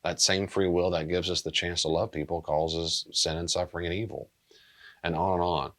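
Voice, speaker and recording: A man's voice: deep voice, little pitch movement, normal speed, a bit bright. A middle-aged man who is a pastor, giving an earnest, plain-spoken pastoral teaching in a subdued, unchipper way.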